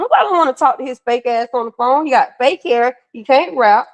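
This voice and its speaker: A woman's voice: on the high side, fast talker, hardly any pauses. A woman co-hosting a live stream, ranting bluntly and with lots of profanity while talking to her viewers. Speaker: livestream co-host. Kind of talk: heated casual live commentary.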